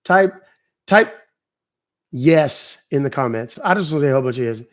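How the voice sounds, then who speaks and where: A man's voice: mid-range voice, lively intonation, normal speed. A man hosting a live stream, chatting casually and profanely with his audience and joking around. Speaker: livestream host.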